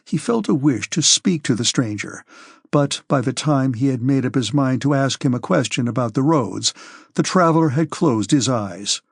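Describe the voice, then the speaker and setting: A man narrating a classic novel as an audiobook, in a measured, even storytelling manner, close to the mic. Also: mid-range voice, creaky, slightly rough, dry recording.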